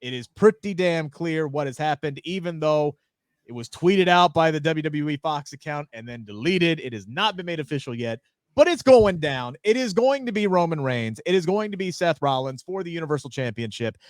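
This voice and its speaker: High-voiced animated man talking wrestling. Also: normal speed, no room sound, studio quality. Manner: animated, opinionated, swearing freely. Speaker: podcast co-host. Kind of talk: casual wrestling podcast chat.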